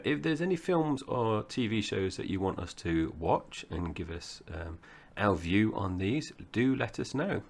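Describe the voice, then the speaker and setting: A man's voice: deep voice, vocal fry. A man in his forties from Essex with a Cockney-tinged accent, co-hosting a casual film podcast and rambling chattily with frequent laughs. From Essex, England. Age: 40s. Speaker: podcast co-host.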